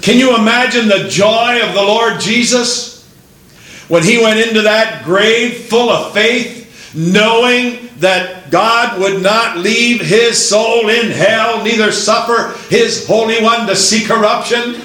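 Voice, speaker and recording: Taking it slowly, a male preacher with a high, pushed, bright voice delivers an emphatic, rolling sermon. He presses his congregation with rhetorical questions as the sound rings through a large, echoing church.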